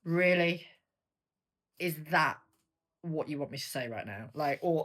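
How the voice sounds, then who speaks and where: A woman's voice: low-pitched, expressive, measured pace. A woman with a British accent giving a casual, chatty tarot reading, blunt and sweary as she turns the cards. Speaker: tarot reader.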